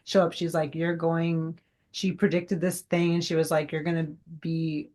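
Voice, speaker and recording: Woman in her 40s, guest on an interview, kinda low voice, rambles a lot and acts out what people said. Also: flat delivery, normal speed, a little mellow. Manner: chatty and rambling, many fillers, re-enacts conversations. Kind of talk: casual interview chat.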